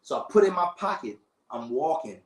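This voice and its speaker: A man with a fairly high voice tells a story in a relaxed, animated way, full of slang and acted-out quotes. The room around him is echoey. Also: fairly quick. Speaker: storyteller in a casual conversation. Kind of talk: casual chat.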